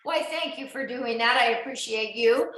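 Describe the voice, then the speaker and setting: A woman's voice: on the high side, normal speed, a bit bright. A woman instructor coaching an indoor cycling class, encouraging riders and checking in on each of them by name. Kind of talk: live online fitness class coaching. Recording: very echoey room.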